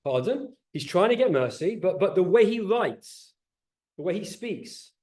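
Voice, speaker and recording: A middle-aged man, a rabbi, teaching a Torah class to a group, animated and questioning, often repeating words as he speeds up. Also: sits high, a little slow. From England. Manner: animated, asks the audience questions, repeats words when excited. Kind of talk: lively teaching talk to a group. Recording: roomy echo.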